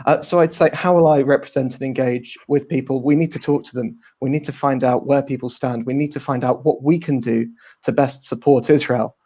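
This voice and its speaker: A man's voice: mid-range voice, steady tone, brisk, dark tone, breathy edge. A man answering directly and persuasively as a hustings candidate. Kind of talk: debate answer. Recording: muffled, lo-fi audio.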